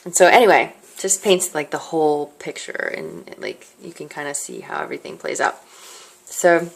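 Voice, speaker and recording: A woman's voice: sits low, normal speed, gravelly. A young woman casually telling a long personal story to the camera, chatty and rambling, with lots of fillers and asides. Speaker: vlogger. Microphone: handheld device held close.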